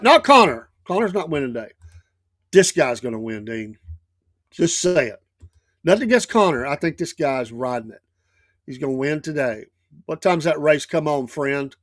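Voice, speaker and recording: A man's voice: medium pitch, no echo, studio quality. A middle-aged man with a Southern US accent, hosting a live show and telling long rambling stories with many restarts. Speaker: show host. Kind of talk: casual storytelling talk.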